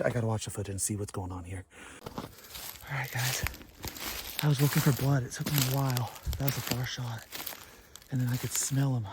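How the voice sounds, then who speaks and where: Recording a hunting vlog from a blind outdoors, a man with a medium-pitched voice talks excitedly and breathlessly, often repeating himself. The audio is very noisy.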